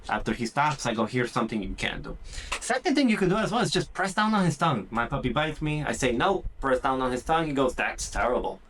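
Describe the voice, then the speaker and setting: A man hosting a podcast and giving casual training tips. He talks in an animated way and acts out what owners and puppies might say. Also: fairly high pitch, fast, hardly any pauses, slight background noise. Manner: animated, acts out puppy and owner voices, says "dude" and "transparently speaking". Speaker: dog trainer and podcast host. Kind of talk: casual instructional podcast talk.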